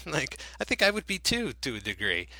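A man's voice: on the high side, huge pitch swings, brisk, bright, forceful tone, no echo, low-quality recording. A man guest on a podcast, talking casually about a film, full of fillers and acted-out lines. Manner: rambling, filler-heavy, acts out lines.

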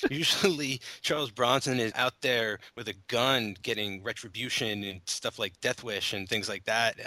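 Male podcast co-host, lower pitch, bright tone, amused and laughing, casual chat, dry sound. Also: no echo. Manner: amused, laughs often while talking. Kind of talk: casual movie discussion.

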